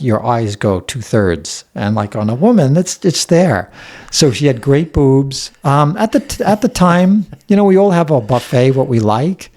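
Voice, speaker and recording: A man's voice: mid-range voice, a little mellow. A man from Staten Island, talking bluntly and candidly as a guest in a casual interview, with frequent swearing. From Staten Island, New York. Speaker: podcast guest.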